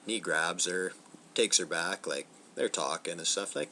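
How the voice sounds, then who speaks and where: Here a deep-voiced man reviews movies for his channel at a normal speed, his delivery pushed and bright. He keeps it casual and profane, performing snippets of film dialogue, and a faint hiss or hum can be heard.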